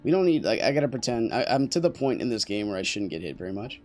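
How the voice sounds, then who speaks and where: A man's voice: mid-range voice, sing-song, fast talker, darkish tone, faint music behind. A young man chatting casually to his stream while playing, rambling and joking with viewers and teammates. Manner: rambling, jokey, talks to chat and teammates. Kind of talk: casual gameplay commentary.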